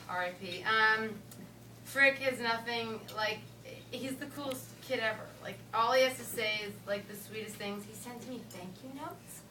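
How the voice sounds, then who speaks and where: A young woman from Connecticut giving a casual, joking rehearsal dinner toast, rambling with playful slang and quick asides. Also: fairly high pitch, noisy background. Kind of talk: casual joking speech to a crowd. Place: dinner hall with guests. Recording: roomy hall from a distance, loud crowd.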